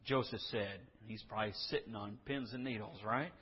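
A man's voice: medium pitch, sing-song, quick pace, husky. A man preaching a sermon in a conversational storytelling way, with asides and humor. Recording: dull recording in a reverberant hall.

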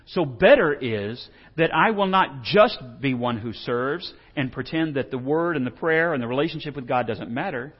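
A man's voice: mid-range voice, lively intonation, normal speed, few pauses, breathy edge. Male Bible teacher, jokey and folksy, dull lo-fi pickup with long reverb. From Texas. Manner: folksy, joking, asks the audience questions. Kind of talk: animated Bible lesson. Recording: dull reverberant hall sound.

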